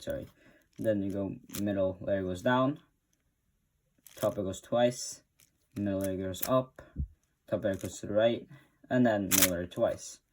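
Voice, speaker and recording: A man's voice: on the low side, darkish tone, slight background noise. A man hosting a casual spoken tutorial, talking in a stop-start way and correcting himself as he goes. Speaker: tutorial host.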